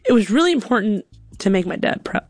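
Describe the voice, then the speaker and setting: Animated woman telling a personal story. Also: faint music behind. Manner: animated, quick, jumps into high character voices.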